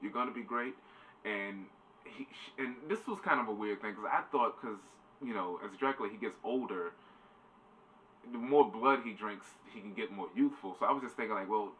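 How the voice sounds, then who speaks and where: A man's voice: on the low side, normal speed, a bit bright. A man giving a casual, rambling spoiler review, swearing loosely. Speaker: show reviewer. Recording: distant mic, faint background noise.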